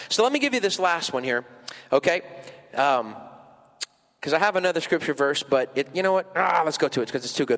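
A man in his thirties preaching a sermon in a church sanctuary, telling a personal story in a chatty way with lots of fillers, his voice climbing high when he gets emotional. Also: fairly bright tone, big-room sound. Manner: conversational, many fillers, rises high and emotional at peaks. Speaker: pastor.

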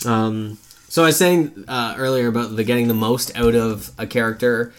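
A man's voice: medium pitch, normal speed. A man co-hosting a casual movie review podcast, talking loosely, swearing and acting out scenes in raised voices. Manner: animated, acts out quotes in raised voices, swears freely. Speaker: podcast co-host.

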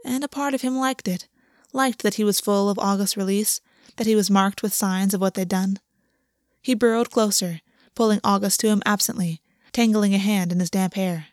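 A woman reading a story aloud in a soft, even narrating voice. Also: mid-range voice, moderate pace, dry recording, studio quality.

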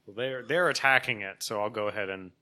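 A man's voice: fairly low pitch, quick pace, pushed and bright. A man playing a tabletop game, hesitant and thinking aloud as he decides what to do. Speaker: player. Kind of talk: casual tabletop game play.

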